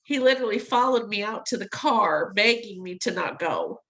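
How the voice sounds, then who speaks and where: A middle-aged woman, a guest in an interview, tells a personal story, acting out the voices she quotes and laughing between lines. Her medium-pitched voice is pushed and bright, with lively intonation at normal speed, on a rough recording.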